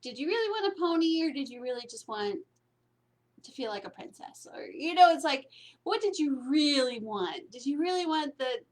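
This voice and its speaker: A woman with a high voice talks through spiritual prosperity like a coach chatting with clients. She meanders and repeats herself, often checking in with a quick "right?" The delivery is loose, casual and motivational. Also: expressive.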